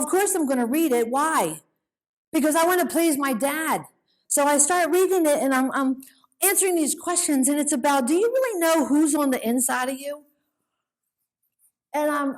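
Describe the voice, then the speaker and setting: In a conference hall, a middle-aged woman at a women's conference shares her personal faith testimony with earnest emotion. Her voice sits high and she speaks at a moderate pace.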